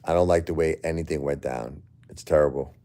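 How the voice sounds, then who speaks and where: A grieving middle-aged man hosting a casual livestream, weary and emotionally drained, talking to viewers with halting, repeated words. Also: rumbling low, dark tone. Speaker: livestream host.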